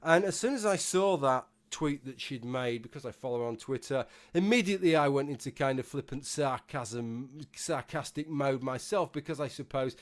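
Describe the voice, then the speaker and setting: A man's voice: medium pitch, normal speed, hardly any pauses. A man giving a rambling, sarcastic, sweary commentary monologue as a YouTube vlogger.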